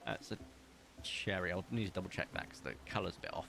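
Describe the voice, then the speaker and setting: A man's voice: low voice, fairly even intonation, quick pace, gravelly, pauses often. A young man streaming a game from a room at home, chatting and joking at his own expense while he plays. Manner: chatty, self-mocking, talks to chat while playing. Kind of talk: casual live-stream commentary. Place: home room with window open.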